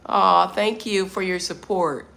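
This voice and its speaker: A woman's voice: medium pitch, steady tone, unhurried, vocal fry, bright, forceful tone. A middle-aged American woman hosting a casual livestream from Vietnam, chatting and answering viewers' comments. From United States. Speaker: livestream host.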